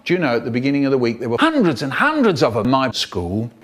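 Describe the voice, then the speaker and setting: A man telling a children's story in a theatrical way, with sudden jumps in pitch and loudness and silly voices for the people in it. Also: wildly swooping pitch, fast, noisy background. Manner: does silly character voices. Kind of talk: animated storytelling, cut up and remixed.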